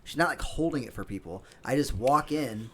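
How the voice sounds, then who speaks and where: A man co-hosting a loose comedy podcast, spinning a rambling anecdote and laughing along the way. He talks fast in a mid-pitched voice. A faint hiss sits under the home-studio recording. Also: expressive, fairly bright tone. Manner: rambling storyteller, laughs often. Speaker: podcast co-host. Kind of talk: casual comedy podcast chat.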